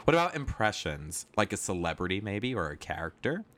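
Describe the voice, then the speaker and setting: A man's voice: fairly low pitch, big pitch swings, fairly quick, fairly bright tone. A man hosting a casual podcast chat, playfully prodding his guests with questions. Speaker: podcast host.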